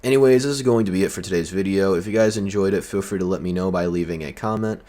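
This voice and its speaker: A man's voice: sits low, quick pace, dark tone. A man delivering a heated, profane and sarcastic vlog rant. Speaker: vlogger. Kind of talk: ranting commentary.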